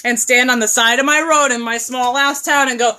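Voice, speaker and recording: Needs a woman with a high, sharp voice for an impassioned live rant, profane and emphatic, loud then hushed. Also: fairly even intonation, a little fast, soft background music. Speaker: live-stream host. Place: at home.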